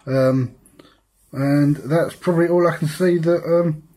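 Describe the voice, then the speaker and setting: A man from the UK co-hosting a casual pop-culture podcast on a couch, talking in halting bursts full of ums and easy laughs. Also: a little high, steady tone, warm tone. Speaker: podcast co-host. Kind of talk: casual chat. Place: living room couch.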